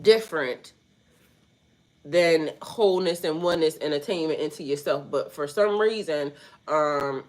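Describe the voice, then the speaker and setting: Unhurried and darkish, this woman's deep voice belongs to a spiritual coach giving a casual talk to viewers. She rambles loosely in slang and swears without hesitation, all through a stuffy, snotty nose.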